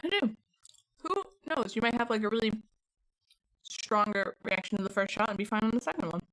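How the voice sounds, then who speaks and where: A woman's voice: on the high side, fairly quick, fairly bright tone. A young woman streaming from home, chatting casually and answering her live chat as she goes. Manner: chatty, reads and answers chat messages, rambling.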